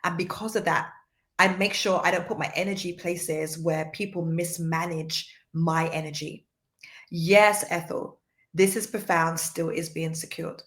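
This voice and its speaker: Soft-spoken woman teaching in a roomy echo. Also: fairly low pitch, steady tone, a little slow. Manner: soft-spoken, earnest and repetitive for emphasis. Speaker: faith and femininity teacher. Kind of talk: livestream teaching.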